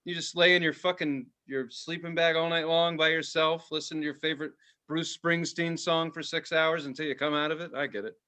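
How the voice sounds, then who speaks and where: A man in his forties, a podcast co-host telling animated, profane stories and laughing at his own lines. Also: a little high, a little fast. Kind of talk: casual storytelling.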